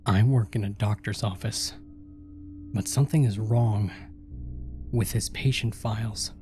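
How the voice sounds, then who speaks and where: A man's voice: on the low side, steady tone, unhurried, mellow, faint music behind. A man reading first-person horror stories aloud and voicing the characters in the dialogue. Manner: voices each character in dialogue. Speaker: horror story narrator. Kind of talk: scripted horror narration.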